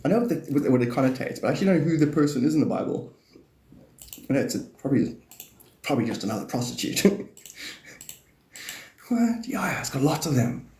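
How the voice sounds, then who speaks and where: A man's voice: medium pitch, very animated, fast, long pauses, darkish tone, echoey room. Rambling, laughing live-stream man.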